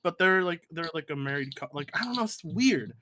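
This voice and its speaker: A man co-hosting a podcast, telling stories in an excitable way and stumbling over his words. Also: on the high side, fairly quick, a little hiss or hum. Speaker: podcast co-host. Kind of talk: casual banter.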